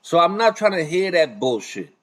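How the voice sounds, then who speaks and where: High-pitched guy going off at someone on stream, cursing, calling him son. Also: sing-song, moderate pace. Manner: confrontational, profane, calls the other man son. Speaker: streamer reacting to a clip. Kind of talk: heated reaction rant.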